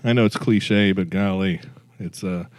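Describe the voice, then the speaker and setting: A man's voice: sits low, steady tone, measured pace, a little mellow, no echo. A man hosting a podcast in casual banter, folksy and joking about himself. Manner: folksy, joking, self-deprecating. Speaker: podcast host.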